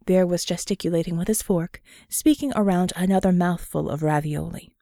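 A woman narrating an audiobook in a wry, even storytelling manner. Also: lowish voice, fairly quick, vocal fry, hardly any pauses, no room sound, clean studio sound. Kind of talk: scripted narration.

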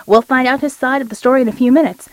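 A woman voicing a gruff male psychiatrist with a Midwestern twang, casual and wry, in a dry recording. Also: sits high, fairly even intonation, fast talker, dry recording, pitched above the performer's own voice, lightly acted, poor audio. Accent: Midwestern American.

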